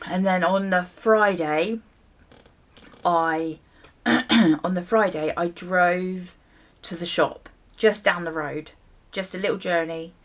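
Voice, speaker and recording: A young woman telling a casual storytime while she does her hair, lively and a little sweary as she acts out her reactions. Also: fairly low pitch, slow pace, pauses often. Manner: animated storytelling with mild swearing and acted-out reactions. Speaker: beauty vlogger.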